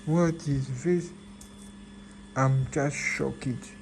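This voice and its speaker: Male vlogger, slow excitable unboxing delivery, phone-recorded with a noisy background. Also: medium pitch, vocal fry. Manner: excitable, repeats himself, exclaims in disbelief. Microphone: phone camera.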